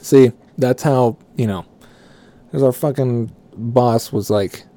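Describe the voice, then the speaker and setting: A man's voice: mid-range voice, takes it slowly, warm tone, no room sound. A man telling a profane work story casually, rambling and correcting himself as he goes. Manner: rambling, swearing, self-correcting.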